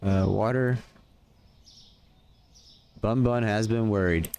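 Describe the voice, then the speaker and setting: A man's voice: on the low side, slow, darkish tone, clear, resonant tone. Chatty male game streamer. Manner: chatty, calls out game orders between questions to chat. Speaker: livestreamer. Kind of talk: casual chat with viewers while gaming.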